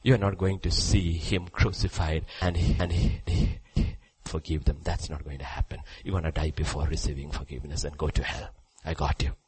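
A man preaching puts on the voice of a male devil, low and hushed, gloating over a doomed sinner. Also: flat delivery, fairly quick, few pauses, husky, heavily acted, low-quality recording.

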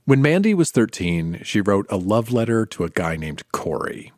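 A man's voice: fairly low pitch, sing-song, moderate pace, darkish tone, faint music behind. A man, hosting a live stage show on a festival stage and introducing readers with a dry, amused tone. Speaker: host.

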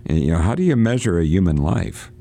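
Radio host, deep voice, warm tone, reads passages aloud and stumbles into restarts. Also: male voice, big pitch swings, fast, gravelly. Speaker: radio host reading and discussing a novel. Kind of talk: casual reading and discussion on radio. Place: church.

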